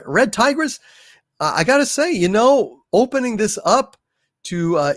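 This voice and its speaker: A man's voice: a little high, no room sound. Chatty guy host reading viewer messages on a livestream, bouncy voice, dry close sound. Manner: reads viewer messages aloud, chatty and lively. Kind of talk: casual livestream chat.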